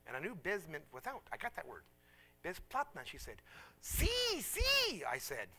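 Animated, bright-voiced male preacher. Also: a little high, fairly quick, gravelly. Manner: animated, self-mocking, acts out voices in stories. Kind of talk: sermon with storytelling.

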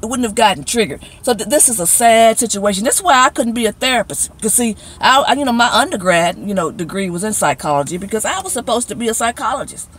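A woman's voice: a little high, expressive, fast talker, few pauses, a bit bright, breathy edge, rough recording. A middle-aged woman hosting her own commentary channel. She talks casually and emphatically, scolding and speaking straight to her viewers.

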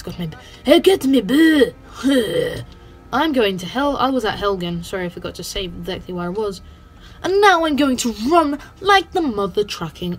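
A playful female host, casually commenting over gameplay with goofy sing-song bits and a habit of saying "bloody". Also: mid-range voice. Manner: self-censors swearing, says "bloody" a lot. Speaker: gaming channel host.

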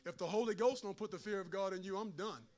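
A man preaching a sermon as pastor. He is folksy and humorous, and he moves in a sing-song cadence from shouted peaks to quiet asides. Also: high voice, fast.

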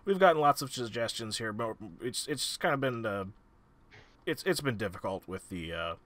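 A man voicing an elderly retired military man who is now mayor, speaking in a halting, stammering old-man voice. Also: mid-range voice, animated, a bit bright, close to an everyday voice. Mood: flustered.

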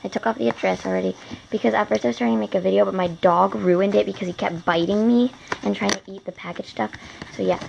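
A teenage girl chatting casually while unboxing a gift, excitable and gushing, rambling between thoughts. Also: medium pitch, fast talker, vocal fry, background noise. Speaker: vlogger.

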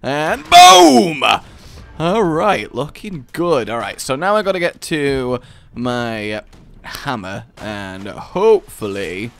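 A young man hosting a gaming video, giving excitable, jokey let's-play commentary and shouting during the action. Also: lowish voice.

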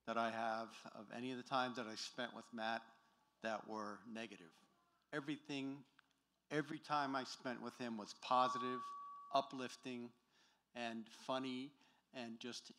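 A man gives a memorial tribute in a church as a family friend. He speaks in a halting way, often stopping to search for the next word, with a plain, middle-pitched voice. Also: fairly bright tone.

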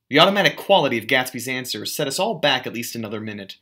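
Bright-voiced male teacher reading aloud. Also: medium pitch, very animated, fast talker. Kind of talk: audiobook reading of a novel.

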